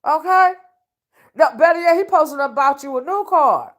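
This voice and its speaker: A woman's voice: high-pitched, animated, moderate pace, a bit bright. A woman hosting a casual live-stream commentary, sassy and mocking as she rants and greets her chat. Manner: greets chat viewers mid-rant. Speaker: online commentary host.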